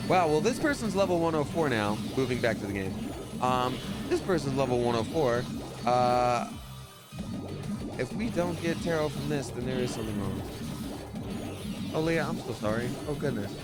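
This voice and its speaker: A man's voice: mid-range voice, animated, normal speed, long pauses. A man streaming live while he plays a game, chatting casually and upbeat, using slang and apologizing often. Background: loud game music.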